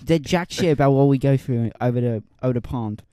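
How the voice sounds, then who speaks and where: A man's voice: medium pitch, fairly quick, warm tone, clear, resonant tone, dry recording, clean studio sound, lightly acted. Man putting on a boastful South Wales street tough. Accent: mock British. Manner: boastful, exaggerated.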